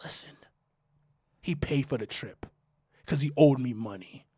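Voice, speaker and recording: A man's voice: mid-range voice, measured pace. A man co-hosting a casual podcast, telling a story and acting out the people in it. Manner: animated storyteller, acts out voices in his stories. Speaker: podcast co-host.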